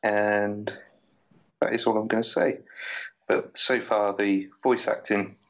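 A man's voice: on the low side, steady tone, slow pace, vocal fry. A man in casual podcast chat, enthusiastically describing a video game he has been playing. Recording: dull lo-fi audio.

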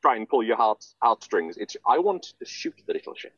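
A man's voice: medium pitch, sing-song, a little fast, fairly bright tone, lo-fi sound. A man in casual chat, sardonic and sweary, ranting as he mimics characters.

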